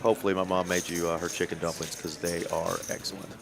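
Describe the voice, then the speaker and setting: A man's voice: low voice, little pitch movement, fast, creaky. A man commentating a live poker game, chatting casually and reading viewer comments aloud. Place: card room broadcast booth. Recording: crowd noise behind.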